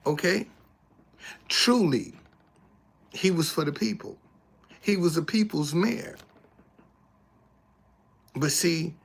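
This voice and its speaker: A man giving preachy casual commentary as an online host, emphatic and repeating his words like a preacher. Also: on the high side.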